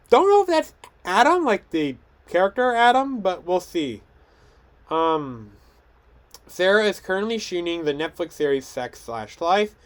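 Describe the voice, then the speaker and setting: Young male host, a touch high, clean smooth tone, stumbles and restarts as he chats. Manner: rambling, frequent restarts and stumbles. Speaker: podcast host. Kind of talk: casual film news chat.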